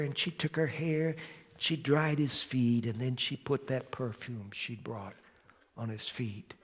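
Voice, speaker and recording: A man preaching a sermon as pastor, telling the story dramatically and swinging from loud to hushed. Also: a little high, breathy edge. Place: church sanctuary. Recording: long hall reverb from a church.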